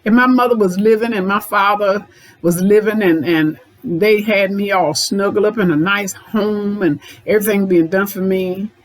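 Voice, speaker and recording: A woman's voice: mid-range voice, rough recording. A middle-aged woman, a therapist hosting a podcast, talking in a folksy way and repeating lines for emphasis. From Memphis, Tennessee. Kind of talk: podcast monologue.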